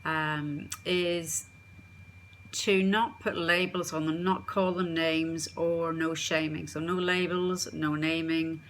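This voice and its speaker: A woman's voice: sits low, little pitch movement, takes it slowly, a little hiss or hum. A woman coaching parents in an instructional talk, earnest and repeating key phrases for emphasis.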